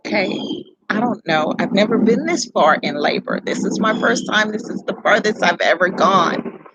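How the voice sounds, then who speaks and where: A young woman from casually telling her birth story, animated and profane, rambling with self-corrections. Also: mid-range voice, moderate pace, muffled recording, heavy background noise.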